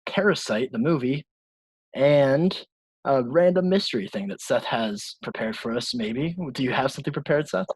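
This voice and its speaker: Young guy cohosting a podcast, kinda husky voice, dry close sound, laughs a lot and swears. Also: medium pitch, moderate pace, no room sound, low-quality recording. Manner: laughs often, animated and swearing. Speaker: podcast co-host. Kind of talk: casual chat.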